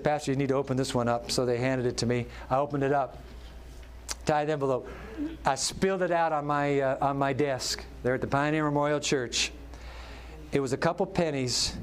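A male pastor preaching a sermon. He tells stories animatedly and drops to soft, slow words for emphasis. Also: mid-range voice.

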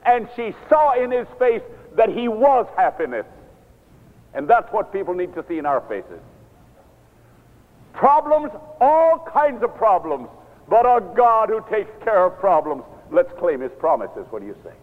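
An older man preaching a sermon as a minister, animated, sometimes stern, often acting out what others say. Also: high voice, measured pace. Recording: tinny phone-like sound in a large reverberant hall.

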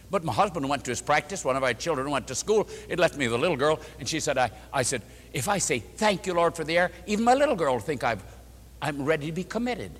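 A man's voice: on the high side, fairly bright tone. An older man, a pastor, preaching a sermon to an audience, telling a story and repeating phrases with strong emphasis. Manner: emphatic, repeats phrases for rhythm, acts out quoted speech. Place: church or meeting hall before an audience. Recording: hall with long reverb.

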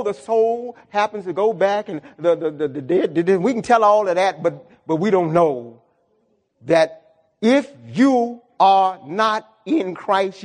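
Fervent high-pitched preaching man. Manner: emotional, repetitive, rising into exclamations. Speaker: pastor. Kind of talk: sermon.

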